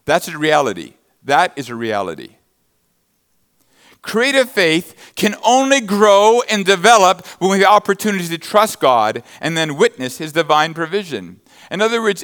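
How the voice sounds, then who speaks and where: A man's voice: sits high, a bit bright. A man preaching a sermon, reading scripture verses and expounding them with emphatic, rising bursts of intensity. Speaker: pastor.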